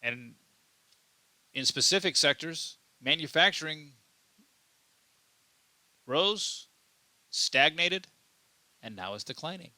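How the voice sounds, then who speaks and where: A man delivering an unscripted commentary monologue, pressing his points with emphasis and stumbling over repeated words as he goes. His voice is strongly bright and forward, and the recording is very dry and close. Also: on the high side, expressive, slow pace, pauses often, no room sound. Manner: repeats himself and restarts often, emphatic. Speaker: political commentary host.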